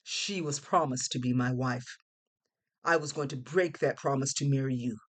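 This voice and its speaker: A woman's voice: a bass voice, moderate pace. A woman reading the lines of a resentful young man, an ex-lover who sneers in bitterness. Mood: aggrieved. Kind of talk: audiobook character reading.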